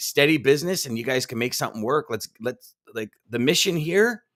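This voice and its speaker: A man's voice: medium pitch, lively intonation, brisk, fairly bright tone. A man co-hosting a live sales show, reading viewer comments aloud and cheering them on with enthusiasm. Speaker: podcast co-host.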